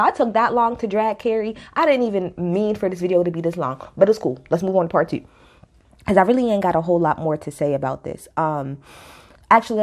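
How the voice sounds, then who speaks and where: A woman's voice: lowish voice, a little mellow. A woman giving casual, opinionated commentary in a reality TV recap, talking bluntly and with sass, repeating her points for emphasis.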